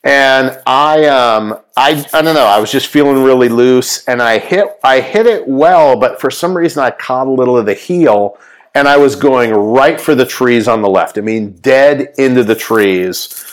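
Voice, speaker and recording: A man's voice: mid-range voice, a little slow, rough recording. A man guest on a podcast, telling a story casually with many fillers and quoted lines. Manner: chatty, lots of ums and quoted dialogue. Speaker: podcast guest, sportswear executive.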